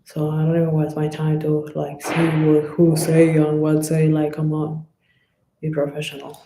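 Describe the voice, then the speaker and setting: A woman's voice: low voice, completely flat delivery, normal speed, roomy sound, background noise. A woman boxer with a Spanish accent and Spanish as her first language, chatting loosely and swearing freely on a casual live stream. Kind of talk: casual live-stream chat answering comments.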